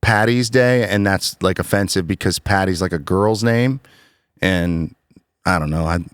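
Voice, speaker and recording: Guy hosting a church podcast, lowish voice, dry close sound, chatty and animated. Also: a little slow, clear, resonant tone, dry recording. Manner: animated, chatty, many restarts. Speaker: podcast host. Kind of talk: casual chat.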